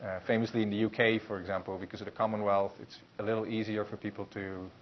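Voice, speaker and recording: A man with a somewhat low voice lecturing a university class, loose and conversational, full of fillers and restarts. The classroom recording sounds muffled, with a faint hiss underneath. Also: little pitch movement, fast talker.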